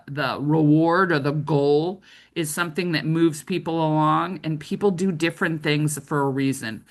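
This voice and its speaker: A woman's voice: deep voice, a bit bright. A middle-aged woman trainer giving a conversational training lecture, often checking in with "right?".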